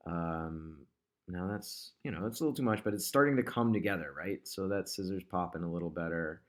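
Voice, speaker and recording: A man's voice: deep voice, brisk. A man casually talking through an ad design on screen, thinking aloud and chatting to the objects he moves around. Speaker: digital marketer demonstrating ad design. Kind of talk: casual screen-recording tutorial.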